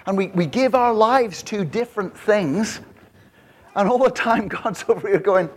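A man preaching a sermon, telling a story with lively quoted voices and frequent laughter. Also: sits high, measured pace, a little hiss or hum. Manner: animated, jumps into voices for quoted people, laughs often.

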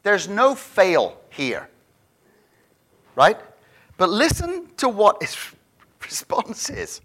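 Man, pastor, sermon, animated, joking, high-pitched. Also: unhurried, pauses often. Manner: animated, joking, repeats words when restarting.

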